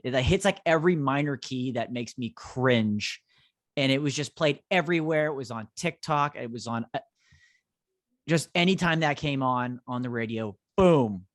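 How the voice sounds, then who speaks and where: A man's voice: mid-range voice, no room sound, studio quality. A man co-hosting a casual podcast, teasing the others with a wry tone and laughing often. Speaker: podcast co-host. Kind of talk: casual chat.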